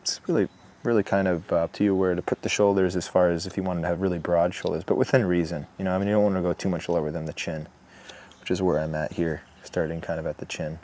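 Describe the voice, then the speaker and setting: A man talking through a woodcarving tutorial outdoors in a relaxed, chatty way, with asides. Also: deep voice, quick pace. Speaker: woodcarving instructor. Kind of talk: step-by-step tutorial narration. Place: outdoors in the morning.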